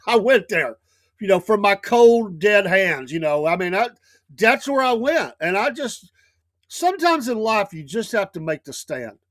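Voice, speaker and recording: A middle-aged Southern man telling a long story in a casual, rambling way, voice sitting a little high for a man. He stops and restarts his sentences often. The sound is close and dry, with no room around it. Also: big pitch swings, a little slow, fairly bright tone, no echo. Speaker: show host.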